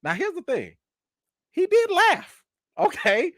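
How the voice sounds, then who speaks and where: A man hosting a live stream, telling casual stories in an animated, self-mocking way with lots of slang. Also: very high-pitched, takes it slowly, no room sound, clean studio sound. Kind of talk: casual storytelling.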